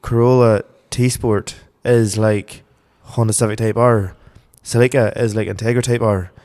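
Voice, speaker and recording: A man's voice: lowish voice, fairly even intonation, normal speed, darkish tone. A young man with a Northern Irish accent co-hosting a casual car podcast, thinking aloud, swearing now and then, and feeling cold. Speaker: podcast co-host. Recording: long reverb.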